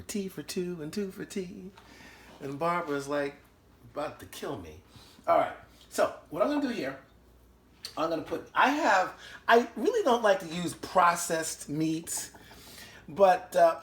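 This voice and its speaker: A man's voice: on the high side, reverberant. A man hosting a casual home cooking show, talking chattily and enthusiastically with lots of fillers as he works in his kitchen.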